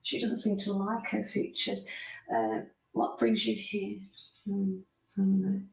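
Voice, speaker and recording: Woman livestream host, gravelly, opinionated and chatty, sitting away from the mic in an echoey room. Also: mid-range voice, very animated, unhurried, recorded from a distance. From United Kingdom. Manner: opinionated, rambling, talks to chatters by name. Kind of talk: casual livestream chat reading comments.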